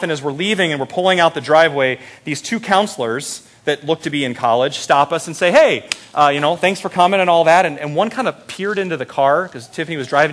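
Male preacher, thirties, storytelling sermon, slightly high voice, acts out dialogue. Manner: animated, acts out quoted voices with a raised pitch. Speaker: pastor.

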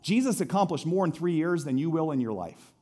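A man preaching a sermon, swinging between loud emphatic lines and soft, slow, drawn-out phrases. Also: fairly high pitch, expressive. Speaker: pastor.

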